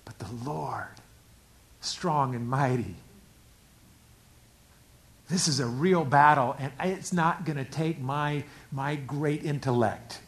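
A pastor preaching a sermon, dropping to hushed whispers and rising to loud, emphatic preaching. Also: male voice, a little high, slow pace, pauses often.

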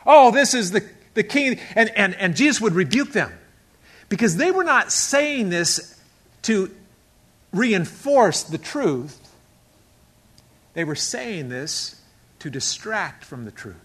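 A male pastor delivers an emphatic sermon in a high, bright voice. He acts out the scripture and everyday scenes, dropping to a hush and then rising again. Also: very animated, slow, long pauses, breathy edge. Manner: emphatic, acts out quotes, swings from hushed to loud.

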